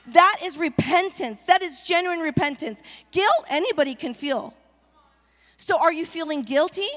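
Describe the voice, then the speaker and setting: A woman with a fairly high, slightly bright voice preaches a sermon as the pastor's wife, rallying the congregation through call-and-response. She's in a church sanctuary, and the large hall gives a long reverb.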